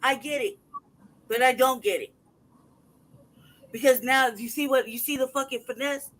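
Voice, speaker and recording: A man's voice: very high-pitched, normal speed, poor audio. A man venting in an angry, profanity-heavy rant as a podcast host. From United States. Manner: angry, profane, loud outbursts. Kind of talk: heated casual rant.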